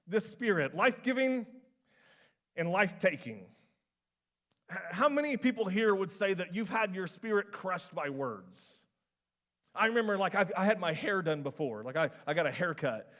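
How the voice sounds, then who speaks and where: A young adult man, a pastor, giving a sermon in a casual, conversational and animated way. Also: high-pitched, normal speed.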